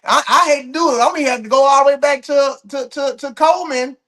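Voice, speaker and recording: A man's voice: very high voice, quick pace, pushed and bright. A man hosting a track and field commentary show, ranting bluntly to his viewers and repeating words as he restarts his points.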